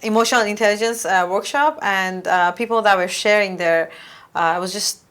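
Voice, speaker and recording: A woman's voice: mid-range voice, fairly quick, fairly bright tone. A young woman hosting a casual podcast, chatty and telling stories from her day. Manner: chatty, storytelling, acts out quoted lines. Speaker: podcast host.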